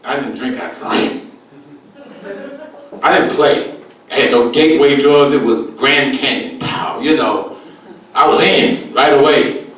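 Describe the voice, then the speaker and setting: Here the same sixty-something stand-up, brash and streetwise, exaggerates wildly and keeps tossing in "baby." He speaks in a mid-range, fairly bright voice, unhurried and with long pauses. The recording comes from a distant mic in an echoey room.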